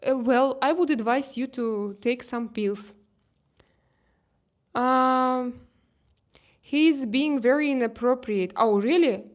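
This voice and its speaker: A young woman with a Russian accent chatting casually on a phone live stream, halting with fillers and restarts, reading chat messages. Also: high voice. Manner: halting, many fillers and restarts, laughs easily. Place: home terrace.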